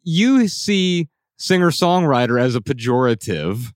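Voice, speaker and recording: A man hosts a podcast in an upbeat, teasing tone, with his pitch in the middle. His voice sounds dry and close to the mic. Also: big pitch swings, a little slow, no echo. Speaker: podcast host. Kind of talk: casual podcast chat.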